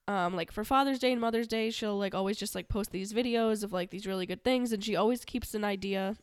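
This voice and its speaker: A woman co-hosting a podcast in casual chat, rambling with lots of "um" and "like", her voice a bit husky. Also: medium pitch, fairly quick, no room sound, clean studio sound. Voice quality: slightly husky. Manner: rambling, many fillers, takes notes while talking. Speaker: podcast co-host.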